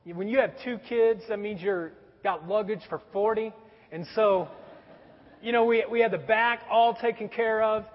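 This pastor, a man in his forties, tells a sermon story with wry, conversational humor. His voice is high-pitched and his speed is normal. Audio is dull and carries a long hall reverb.

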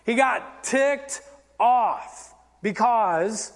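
A male pastor giving an animated, theatrical sermon, acting out everyday examples. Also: extremely high pitch, extremely slow. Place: church sanctuary. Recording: long church reverb.

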